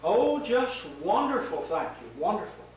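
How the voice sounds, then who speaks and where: A man's voice: sits high, very animated, a little slow, a little hiss or hum. An older man raising his voice to play an innocent, cheerful young woman who gushes eagerly and naively, in an echoey room with the mic set far off. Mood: gushing.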